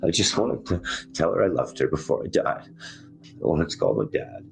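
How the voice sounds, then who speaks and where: A man with a very deep, husky voice tells his own survival story in raw, intense first-person storytelling. He's expressive at a moderate pace, his voice rising and dropping with emotion.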